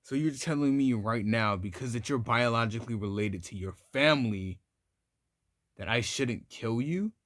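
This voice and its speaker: A man voicing a ruthless young male ghoul ninja leader who makes slow, measured threats. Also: mid-range voice, a bit bright, dry recording, clean studio sound, natural voice. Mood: menacing.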